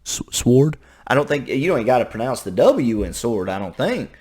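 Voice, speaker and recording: A man with a Southern American accent, hosting a reaction video and thinking out loud, often repeating himself. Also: medium pitch, sing-song, brisk. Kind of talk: casual reaction commentary.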